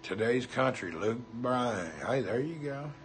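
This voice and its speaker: This livestream host, a man with a Southern US accent, chats casually as he reads comments and greets viewers by name in a folksy manner. His mid-range voice is animated yet unhurried, and there's a little hiss or hum in the recording.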